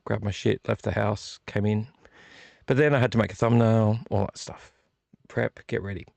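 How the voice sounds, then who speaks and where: A man chatting loosely on his live vlog, circling back and repeating himself as he goes. His voice has a gravelly rasp, heard dry and close with no room around it. He sits at a middle pitch for a man. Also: a little fast, darkish tone, no room sound. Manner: rambling and repetitive, apologetic. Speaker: vlog host. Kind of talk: casual late-night live chat. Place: small home studio room.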